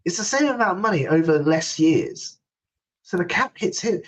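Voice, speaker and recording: A man's voice: sits high, animated, normal speed, low-quality recording. A man hosting a casual sports podcast, ranting sarcastically and laughing. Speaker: podcast host.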